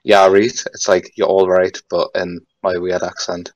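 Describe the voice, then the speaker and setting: Young Geordie man, podcast guest, very low voice, dry close mic, relaxed rambling chat. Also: normal speed, no echo, muffled recording. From North East England. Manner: laid-back, rambling with many fillers and some swearing. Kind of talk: casual chat.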